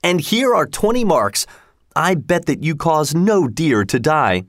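A man's voice: on the high side, sing-song, measured pace, no room sound, clean studio sound, pitched above the performer's own voice. A man doing a drunken, sneering forester. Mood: mocking. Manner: mocking, threatening. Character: angry drunken male forester.

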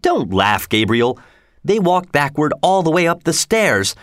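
An agitated theater secretary who will not let a question drop, as a man reads him aloud. His voice rides higher than a plain reading and jabs with accusation. It is a storybook character. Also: very animated, measured pace, a bit bright, no room sound, studio quality.

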